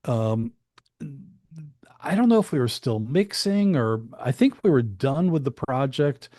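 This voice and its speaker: A man at a medium pitch tells studio anecdotes in an easygoing, rambling way. He often restarts his sentences and adds asides. The recording is dry and close, with no room sound. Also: expressive, measured pace, dark tone, dry recording. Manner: chatty, with frequent restarts and asides. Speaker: guest recalling studio work. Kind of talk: casual anecdotal storytelling.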